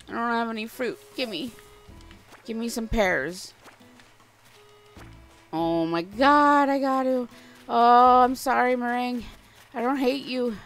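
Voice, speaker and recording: A woman's voice: on the high side, fairly bright tone. A young woman livestreaming a cozy game, chatting casually and gushing affectionately at the game characters. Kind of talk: casual live-stream chat while gaming.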